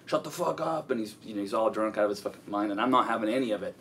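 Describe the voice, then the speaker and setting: A man telling stories as an interview guest, profane and rambling, with lots of halting restarts. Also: on the low side, flat delivery, a bit bright, a little hiss or hum. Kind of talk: casual storytelling interview.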